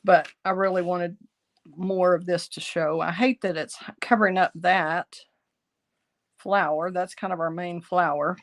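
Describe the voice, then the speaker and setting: A middle-aged woman with a fairly low voice, raspy from a lingering bronchitis. She talks casually and chattily, thinking aloud as she walks viewers through a craft project. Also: steady tone, unhurried. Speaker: card-making instructor.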